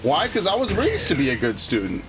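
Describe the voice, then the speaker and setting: Fairly high-pitched with vocal fry and huge pitch swings, this gaming streamer talks a little fast. He chats casually about the game and launches into heated, profane rants, telling stories with frequent restarts.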